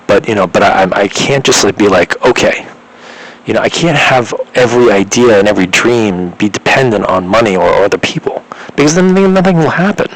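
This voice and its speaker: A man's voice: fairly low pitch, a little fast, hardly any pauses, fairly bright tone, rough recording. A young man vlogging, telling a rambling personal story with many restarts and filler words.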